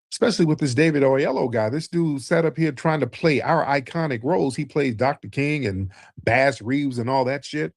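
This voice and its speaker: Man, talk show host, casual commentary, emphatic, animated, dry close sound. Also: no echo. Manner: emphatic, animated, rising in pitch when indignant.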